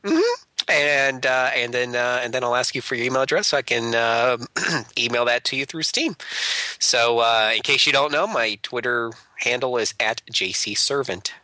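Bright, dry-voiced rambling podcast man. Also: mid-range voice, animated, dry recording. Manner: rambling, many filler pauses. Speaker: podcast co-host. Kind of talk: casual podcast chat. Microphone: remote call.

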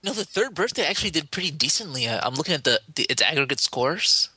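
Bright-voiced man rambling on a podcast. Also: fairly high pitch, very animated, quick pace, breathy edge, no room sound. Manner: rambling, stumbles and restarts. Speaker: podcast co-host. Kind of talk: casual podcast chat.

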